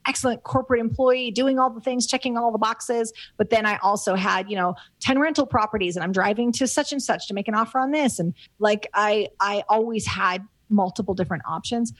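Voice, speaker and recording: Middle-aged american lady chatting in an interview, lots of ums, thinks out loud, dry room. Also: a little high, fairly quick, few pauses, no echo. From United States. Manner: candid and reflective, many fillers and restarts. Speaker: guest, business coach. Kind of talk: casual interview conversation.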